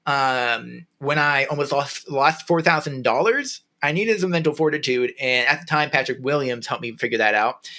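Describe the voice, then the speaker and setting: A man's voice: medium pitch, bright, forceful tone. A man hosting a solo podcast, talking casually and earnestly, rambling with restarts and fillers. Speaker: podcast host.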